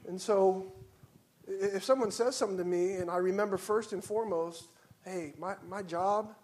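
A man preaching a sermon in church, swinging from hushed, measured teaching to loud, fervent exclamations. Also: high voice. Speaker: pastor. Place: church sanctuary.

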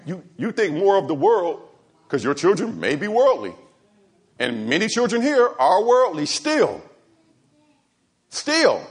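Male pastor, fairly high voice, animated sermon delivery with quiet asides and raised exhortation. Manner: repeats words when building a point.

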